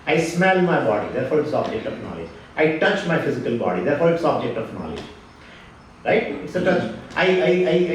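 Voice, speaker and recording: A man teaches a spiritual lecture to a hall audience, asking questions and answering them himself. His fairly high voice swings up and down with lively energy. The recording is very echoey, he stands away from the mic, and a faint hiss sits underneath. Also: recorded from a distance. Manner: animated, rhetorical questions, repeats phrases. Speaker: Vedanta teacher.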